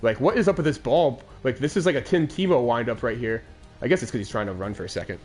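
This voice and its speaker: A man's voice: mid-range voice, fast talker, darkish tone, soft background music. A man in his twenties hosting a game commentary show, recapping a lost Madden game in a crude, aggrieved rant. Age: 20s.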